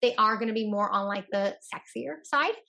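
A young woman co-hosting a casual chat, talking in a lively, chatty way. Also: mid-range voice, a little fast, vocal fry. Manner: lively, chatty, laughs often. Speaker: co-host.

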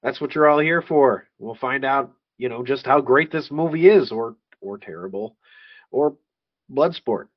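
A man's voice: mid-range voice, measured pace, highs cut off. A man in his thirties hosting a casual podcast, rambling with frequent laughs and restarts. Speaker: podcast host.

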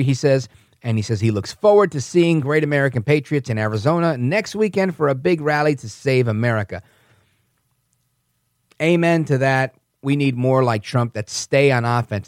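Male podcast host, calm conversational commentary, dry close recording. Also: medium pitch, no echo. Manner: conversational, self-correcting, calm. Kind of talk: political commentary monologue.

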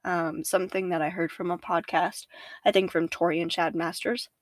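Young woman chatting on a podcast, lively, acts out her inner voices, laughs a lot, low-ish voice. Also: moderate pace, no room sound. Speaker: podcast guest. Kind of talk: casual faith podcast talk.

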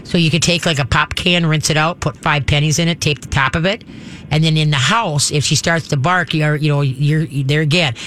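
Folksy, fairly high-voiced male dog trainer. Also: steady tone, brisk, fairly bright tone, slight background noise. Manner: folksy, chatty advice with frequent verbal restarts; drops into low, firm commands when demonstrating. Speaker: radio call-in host and dog trainer. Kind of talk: call-in advice show.

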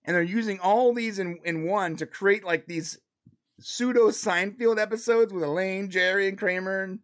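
A man's voice: sits high, normal speed. A man co-hosting a live show, chatting casually with many restarts and laughs. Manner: animated, restarts a lot, laughs. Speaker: co-host of a live pop culture show. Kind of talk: casual chat.

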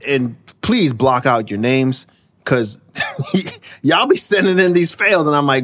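A man's voice: medium pitch, expressive, slow, a bit bright. A man hosting a podcast, chatting loosely and joking, with lots of fillers and laughter. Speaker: podcast host. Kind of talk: casual chat.

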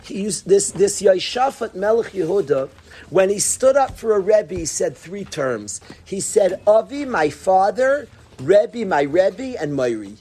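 A man's voice: high voice, measured pace, husky. A man teaching an informal Torah class, acting out dialogues and repeating his phrases. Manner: animated, acts out dialogues, laughs, repeats phrases.

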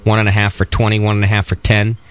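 A man's voice: fairly low pitch, completely flat delivery, fast, clear, resonant tone. A man hosting a casual homebrewing podcast, joking and reading sponsor plugs. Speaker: podcast host. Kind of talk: casual chat.

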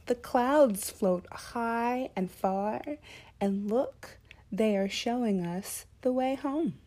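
A woman voicing a gentle, patient mother fox in a storybook reading, talking softly and slowly. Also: on the high side, pitched above the performer's own voice. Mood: soothing. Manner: soft, slow and soothing.

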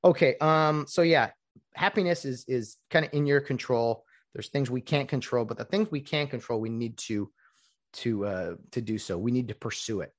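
A man's voice: mid-range voice, normal speed. A man hosting a casual solo podcast. He is opinionated and rambling, with mocking asides. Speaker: podcast host.

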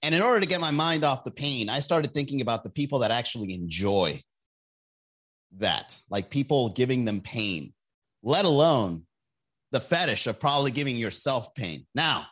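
A podcast host talking at an ordinary pitch for a man, spinning a loose, rambling story to his listeners. He swears freely, laughs at his own jokes and drops into quick impressions of the people he describes. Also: expressive, a bit bright. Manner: rambling, crude, laughs often, acts out voices. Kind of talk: casual storytelling monologue.

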